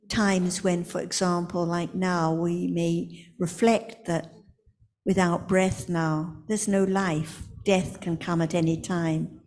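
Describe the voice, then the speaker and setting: Slow, measured woman explaining Dhamma. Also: lowish voice, darkish tone. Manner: deliberate, pausing between phrases. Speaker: Dhamma teacher.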